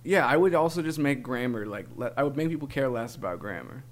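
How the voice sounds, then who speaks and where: A man's voice: mid-range voice, fast talker. Laughing young man on a podcast. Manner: laughing, exasperated, says dude a lot. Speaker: podcast co-host. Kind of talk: casual chat, spelling bee game.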